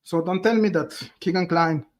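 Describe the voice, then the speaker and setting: A man talks his viewers through a case on a live stream. His voice sits a little high for a man, and his delivery is loose and conversational, full of asides to the audience. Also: moderate pace, loud music behind the voice. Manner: chatty, addresses viewers directly as "guys". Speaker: true crime streamer.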